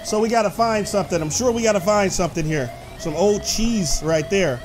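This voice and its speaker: A man hosting excited gameplay commentary, talking to his viewers and shouting when the action peaks. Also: high voice, brisk. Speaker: gaming host.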